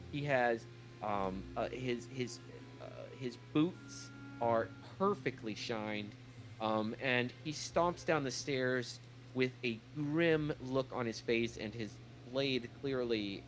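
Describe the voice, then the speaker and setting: A man narrating a tabletop game as game master, halting often with fillers and restarts. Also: medium pitch. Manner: halting, lots of uhs and restarts.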